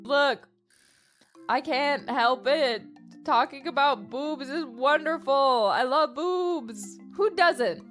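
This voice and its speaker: A woman livestreamer rambling playfully and loudly to her chat. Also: high voice, takes it slowly, faint music behind.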